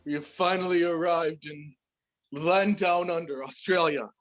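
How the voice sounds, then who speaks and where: A man's voice: on the high side, steady tone, a little slow, dull audio, soft background music, natural voice. A man playing a grand, theatrical traveler in an improv comedy scene. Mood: grandiose.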